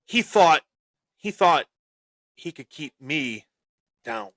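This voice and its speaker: A man spins a tale at an unhurried, drawn-out pace, bragging like a wrestling heel and jumping into loud outbursts. He repeats himself as he goes. The sound is dry and close, with no room around it. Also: fairly high pitch, animated, no echo. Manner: boastful heel bravado with sudden loud bursts; repeats and restarts phrases. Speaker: podcast host. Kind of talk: boastful storytelling on a wrestling podcast.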